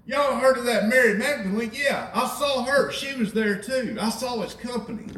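A preacher doing the voice of a gossipy townsperson, chattering eagerly in a high, bright register, heard from a distance across an echoey church. He acts this out inside his sermon. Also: moderate pace, slight background noise. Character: gossiping townsperson spreading news, adult.

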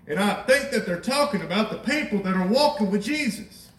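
A man preaching a sermon in a high voice, talking with his congregation and repeating himself for emphasis. His voice comes from some distance and rings through a roomy church. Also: lively intonation, a little fast, hardly any pauses, fairly bright tone. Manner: conversational preaching, rhetorical questions, repeats phrases. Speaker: pastor. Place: church sanctuary. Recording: echoey church from a distant mic.

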